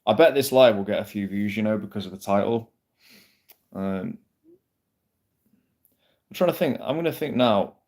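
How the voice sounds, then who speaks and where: Low-voiced guy on a livestream, rambling and swearing, chatting to viewers. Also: lively intonation, normal speed, pauses often, a little mellow. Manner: rambling, sweary, answers chat comments. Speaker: livestream host. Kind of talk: casual livestream chat.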